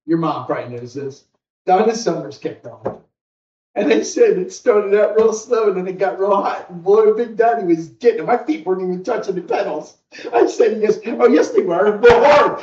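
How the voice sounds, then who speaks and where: Male podcast co-host, lively storyteller, slightly high voice, muffled roomy recording. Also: far from the mic, slight background noise. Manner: rambling, animated storyteller who acts out other people's lines. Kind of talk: casual storytelling chat.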